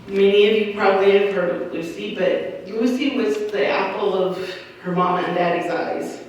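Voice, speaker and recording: An older woman telling family stories to a local audience in an unhurried, rambling way, with ums and restarts. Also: medium pitch. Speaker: local history speaker. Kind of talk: family storytelling talk to an audience. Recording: echoey hall recording from far off, light noise.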